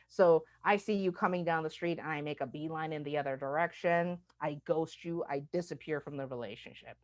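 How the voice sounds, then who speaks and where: Woman giving an animated talk. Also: lowish voice, highs cut off. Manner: animated, acts out quoted reactions; frequent "like" and "right?" asides. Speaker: speaker on microaggressions. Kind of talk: lecture-style talk.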